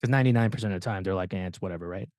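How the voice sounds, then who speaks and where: A man hosting a podcast, telling stories in a casual, animated way and acting out the people he quotes. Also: deep voice, racing, no room sound, studio quality. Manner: animated storyteller, acts out quoted dialogue. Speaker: podcast host.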